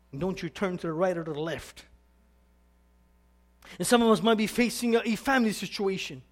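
High-voiced preaching man. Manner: animated preaching with acted questions and rising emphasis. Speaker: pastor. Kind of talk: sermon.

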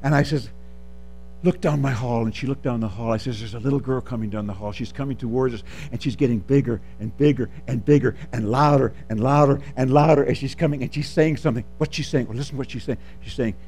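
A man preaching a sermon, calling for amens and swinging between soft asides and loud, drawn-out lines. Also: mid-range voice, slight background noise. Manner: animated, calls for amens, swings from soft to shouting.

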